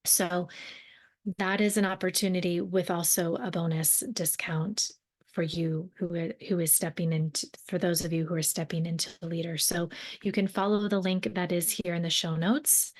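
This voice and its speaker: A young woman with a low-pitched voice hosts her own podcast in a reflective, earnest way. She talks conversationally, often rephrasing mid-sentence and adding fillers like "um" and "right?". The overall tone is that of a mentor speaking directly to listeners. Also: steady tone, normal speed. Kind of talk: reflective solo podcast talk.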